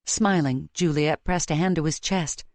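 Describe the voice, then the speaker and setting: A woman reading a romance audiobook in a measured, emotive way, close to the microphone. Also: deep voice, a little mellow, no echo. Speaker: audiobook narrator. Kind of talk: scripted romance narration. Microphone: close studio mic.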